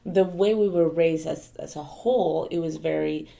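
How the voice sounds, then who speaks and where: A woman guesting on a podcast, talking in a halting way that often trails off in casual chat. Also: sits low, gravelly, warm tone.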